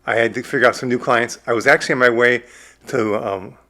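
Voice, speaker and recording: Man, 60s, from the Midwest, rapid animated storyteller, middle pitch, interview guest. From American Midwest. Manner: animated storyteller who acts out his own quotes. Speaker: film director and producer, interview guest.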